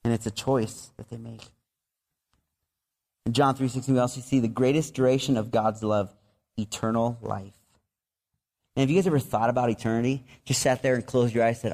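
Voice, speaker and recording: Man, pastor, sermon, conversational, repeats and restarts words, animated storyteller, mid-range voice. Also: mid-range voice, a little fast, pauses often. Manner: animated storytelling with excited outbursts.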